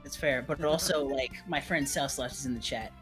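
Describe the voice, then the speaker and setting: Guest voice, mid-range, hesitant casual chat, music playing clearly. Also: mid-range voice, moderate pace. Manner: hesitant, searches for words.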